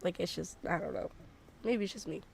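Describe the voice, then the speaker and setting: A woman's voice: on the low side, fairly quick, vocal fry, breathy edge. A woman streamer chatting casually while gaming, rambling with lots of fillers and poking fun at herself. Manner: rambling, filler-heavy, self-deprecating.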